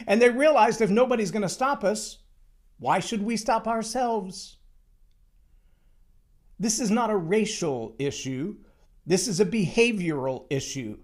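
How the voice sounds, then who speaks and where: Man, high-pitched voice, emphatic, motivational talk, storytelling. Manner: emphatic, storytelling, acts out quotes. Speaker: speaker on leadership.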